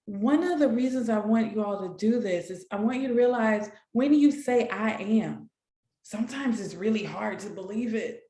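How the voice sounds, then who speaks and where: A woman's voice: mid-range voice, normal speed, dark tone, roomy sound. A woman leading an online workshop for educators, speaking in an encouraging, affirming way with many repeated phrases, heard over a video call. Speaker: workshop facilitator.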